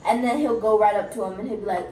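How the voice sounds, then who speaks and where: A young woman telling animated, profane stories from boot camp in a casual chat with her roommates. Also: mid-range voice, fast, recorded from a distance. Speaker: Navy recruit telling stories. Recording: echoey room, camera from afar, faint hiss.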